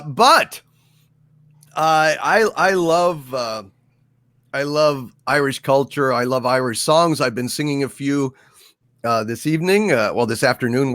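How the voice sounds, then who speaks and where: A man hosting a casual livestream, reading super chats aloud and toasting his viewers in a halting way with many fillers. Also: medium pitch, fairly bright tone, dry recording. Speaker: livestream host.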